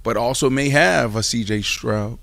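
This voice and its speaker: A man hosting a casual sports talk show, who talks in slang and rants loudly in mock outrage. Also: mid-range voice, moderate pace, creaky, no echo. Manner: animated, loud rant with mock outrage.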